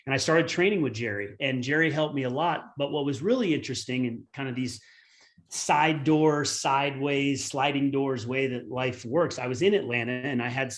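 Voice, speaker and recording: Brief: forties male coach, earnest rambling storyteller, webinar. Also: medium pitch. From United States. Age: 40s. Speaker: tennis coach and former pro.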